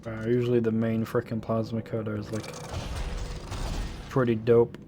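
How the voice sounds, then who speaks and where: A man's voice: on the low side, completely flat delivery, normal speed, dark tone, slight background noise. Swearing man streaming a horror game. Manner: muttering, swearing, thinking aloud. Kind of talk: casual gameplay commentary.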